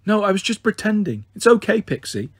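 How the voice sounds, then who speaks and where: A sharp, bossy girl keeping her younger siblings in line, as a man voices her. She snaps and takes charge in a raised, husky voice on a dry recording. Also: sits high, very animated, fairly quick, no room sound, voice pushed up, heavily acted. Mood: snappish. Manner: snappish, in charge.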